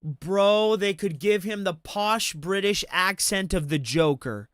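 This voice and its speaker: A man's voice: sits high, takes it slowly, a bit bright, smooth, no echo, clean studio sound. A man ranting about movies on a casual commentary stream, swearing freely. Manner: profane, ranting.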